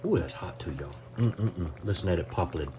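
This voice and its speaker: Low-pitched and expressive, this man with a Southern US accent chats at a moderate pace on his casual home-kitchen cooking vlog. He talks folksily to his viewers, calling them y'all, over a noisy background.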